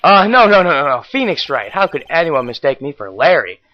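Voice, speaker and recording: A man's voice: on the high side, very animated, fairly quick, dull audio. A man voicing an earnest, flustered young defense lawyer who stammers his protests.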